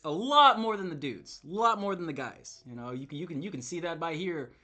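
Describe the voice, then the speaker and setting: Male streamer, lively and bright, chatting loosely to viewers and swearing freely. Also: on the high side, a little fast, soft background music. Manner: rambling, repetitive, profane. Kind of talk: casual live-stream commentary.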